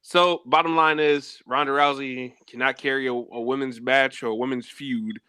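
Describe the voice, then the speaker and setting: Man, wrestling podcast co-host, relaxed chat, brief remarks, bright sharp voice, dry close sound. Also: medium pitch, moderate pace, clear, resonant tone, no echo.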